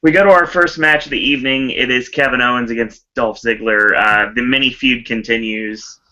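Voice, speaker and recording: Bright-voiced man recapping wrestling. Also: mid-range voice, steady tone, poor audio. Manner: brisk play-by-play recap, laughs easily. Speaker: podcast host. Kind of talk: casual podcast chat and match recap.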